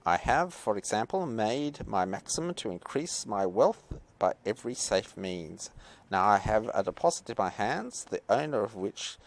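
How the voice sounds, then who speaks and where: Man doing a deliberate old thinker, slight German accent, low and gravelly. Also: expressive. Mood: measured. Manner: deliberate, reasoning step by step. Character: earnest older male philosopher reasoning aloud.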